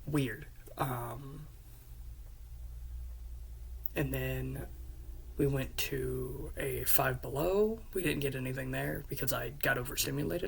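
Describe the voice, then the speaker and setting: A man's voice: mid-range voice, takes it slowly, vocal fry, long pauses, slight background noise. A young man telling a rambling casual story about a trip, with many fillers and restarts. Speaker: vlogger.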